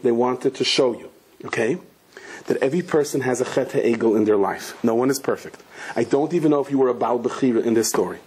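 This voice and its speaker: A man, a rabbi, giving an animated Torah lecture full of storytelling and Hebrew and Yiddish terms. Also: slightly rough. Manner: acts out the characters in a story with sudden high, shouting outbursts; sprinkles Hebrew and Yiddish terms into his English.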